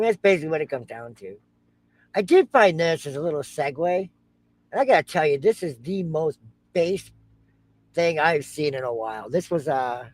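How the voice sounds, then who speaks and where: A man co-hosting a reaction show, chatting casually and joking, humming to himself while he searches for clips. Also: fairly high pitch.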